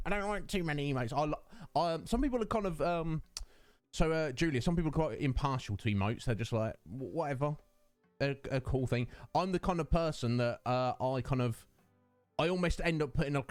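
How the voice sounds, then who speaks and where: A man in his late thirties chats with his stream viewers, his pitch bouncing up and down as he greets them one by one. The sound is dry and close, with faint music underneath. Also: no room sound. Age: 30s. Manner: chatty, greets viewers by name, laughs often. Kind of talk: casual chat with livestream chat.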